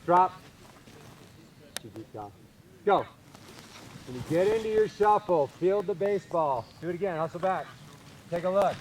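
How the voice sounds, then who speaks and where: A man coaching baseball infielders on a field, calling out short, energetic drill cues and explaining technique. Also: high voice, measured pace, pauses often, a little hiss or hum.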